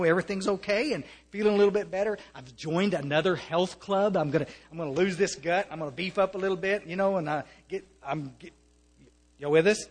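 An American man speaks earnestly to a recovery meeting, with a fairly high voice. He restarts his sentences often and slips in wry humor. His voice carries a long reverb from a meeting hall. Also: a bit bright. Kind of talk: personal testimony to an audience.

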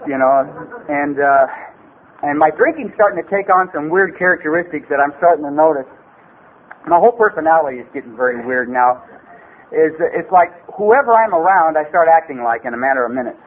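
Streetwise man on lo-fi tape. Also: on the high side. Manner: rambling, streetwise, peppers talk with "you know". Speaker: recovery meeting speaker. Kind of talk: storytelling at a recovery meeting. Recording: tinny lo-fi tape with faint hiss.

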